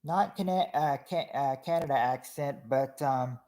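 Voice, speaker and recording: A man's voice: medium pitch, a little slow, hardly any pauses, darkish tone. A man casually hosting a family game show on a livestream, reading out viewers' answers and names, with a lot of hesitant restarts. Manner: chatty, reads chat names, hesitant restarts.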